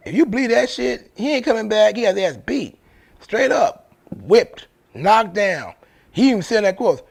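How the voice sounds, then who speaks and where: A man's voice: extremely high pitch, sing-song, unhurried, gravelly. A man, hosting his own show in a blunt, profane casual monologue that repeats points for emphasis. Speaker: show host.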